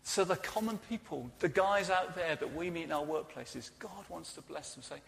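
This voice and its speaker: Man, preacher, sermon, earnest storytelling, slightly high voice, long hall reverb. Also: normal speed, creaky, few pauses, fairly bright tone, slight background noise.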